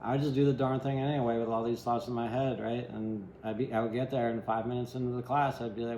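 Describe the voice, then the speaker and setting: A man talks through a tarot spread in loose, meandering sentences, checking in with "right?" as he goes. His voice is mellow and relaxed, with wry, self-deprecating asides. The recording sounds roomy, with an echo around him. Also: mid-range voice, fast, few pauses, a little hiss or hum. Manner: rambling, keeps asking "right?". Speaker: tarot reader. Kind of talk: casual tarot reading. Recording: echoey room.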